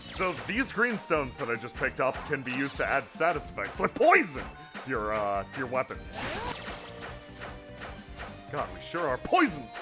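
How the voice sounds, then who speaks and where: A man's voice: medium pitch, wildly swooping pitch, normal speed, long pauses. A man giving casual, joking commentary while playing a game, breaking into mock-alarmed yelps, with game music behind him. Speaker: let's play commentator.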